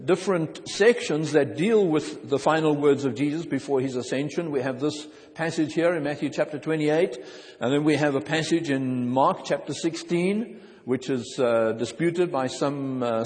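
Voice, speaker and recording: A man delivering a sermon in a fairly high voice, reading scripture steadily and then talking it through plainly with frequent restarts. The sound carries a long reverb, as in a church hall. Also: a little mellow. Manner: measured reading, then halting conversational preaching with restarts. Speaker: preacher.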